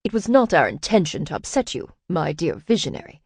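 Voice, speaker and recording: A woman's voice: lowish voice, animated, moderate pace, darkish tone, no echo. Woman playing a pompous older council leader, condescending, bellowing, dry sound.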